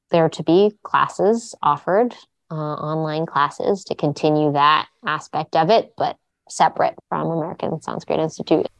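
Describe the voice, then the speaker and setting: A woman's voice: low voice, no room sound. A woman, a yoga teacher guest, chatting casually in an interview and telling stories with lots of "like"s and restarts. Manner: chatty storyteller, many "like"s and restarts.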